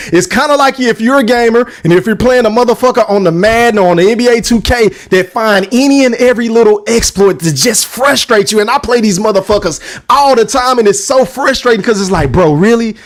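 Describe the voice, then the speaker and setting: Guy with a pretty high voice going off on a boxing rant, cussing, hammering the same points over and over. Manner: profane, emphatic, repeats lines for effect. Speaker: podcast host.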